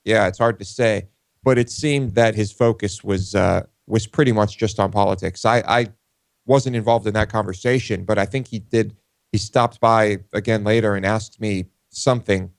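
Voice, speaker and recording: A man's voice: lowish voice, steady tone, normal speed, vocal fry, no room sound, studio quality. A man co-hosting a talk show, chatting casually and hesitantly with many filler sounds. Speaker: co-host. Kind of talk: casual chat.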